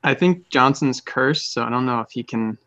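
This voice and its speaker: A man's voice: mid-range voice, normal speed, fairly bright tone, no room sound, rough recording. A man as a guest on a live talk show, laid-back and understated with dry humor. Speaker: guest, paramotor pilot. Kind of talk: casual chat on a remote call.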